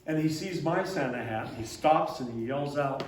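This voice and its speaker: An older man, an abbot, telling a lively story to a congregation, now and then throwing in a big booming laugh. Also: normal speed. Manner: animated storyteller, booming put-on Santa laughs. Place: church hall. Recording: echoey hall, speaker far from mic, faint hiss.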